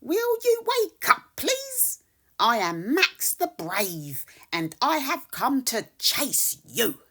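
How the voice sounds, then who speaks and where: A woman's voice: high-pitched, huge pitch swings, takes it slowly, bright, forceful tone, husky, pitched above the performer's own voice, exaggerated voice. A woman voicing a brave, curious male kitten who asks questions politely in a storybook read-aloud. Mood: bold playful.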